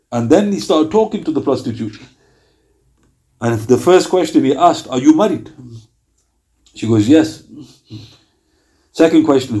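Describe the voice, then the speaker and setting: A man preaching to a small gathering in a mosque, telling stories in a conversational, animated way. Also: a little high. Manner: conversational, animated storytelling with quoted voices.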